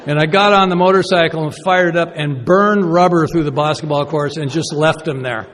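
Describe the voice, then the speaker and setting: A man with a fairly high, somewhat bright voice speaks at an ordinary pace from a podium. It's a recovery meeting talk in a reverberant conference hall, and he keeps it conversational and self-mocking while throwing rhetorical questions at the audience.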